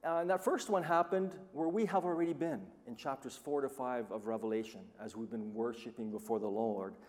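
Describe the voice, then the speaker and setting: A man preaching a sermon who tells stories with animated, acted-out quoted voices. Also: mid-range voice, brisk, big-room sound. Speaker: pastor.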